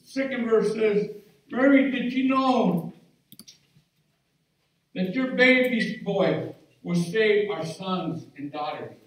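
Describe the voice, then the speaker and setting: High-voiced preaching pastor in echoey church. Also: male voice, slow pace, long pauses. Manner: fervent preaching, rising to shouts of praise. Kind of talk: sermon. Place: church sanctuary. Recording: echoey church hall from far off.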